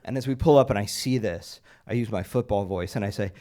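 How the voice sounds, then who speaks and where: A man's voice: fairly low pitch, brisk, hardly any pauses, dark tone. Wry man telling a story on stage. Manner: conversational, wry and humorous. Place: small live event stage.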